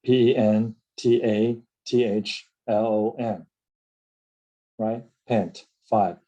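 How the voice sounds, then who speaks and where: Slow, deep-voiced man teaching vocabulary. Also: steady tone, dark tone, dull audio. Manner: explains word roots, spells words out letter by letter, frequent "right?" and "uh". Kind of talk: recorded vocabulary lesson.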